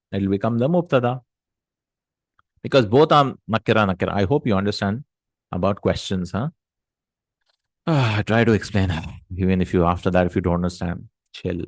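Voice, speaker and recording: A man's voice: medium pitch, dry recording. A man teaching Arabic grammar in a recorded lesson, explaining step by step and answering his own questions.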